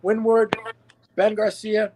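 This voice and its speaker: A man's voice: sits high, level tone, slow pace, background noise. A man hosting a live stream over a video call, mostly giving short agreeing replies and wrapping up the show. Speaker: host.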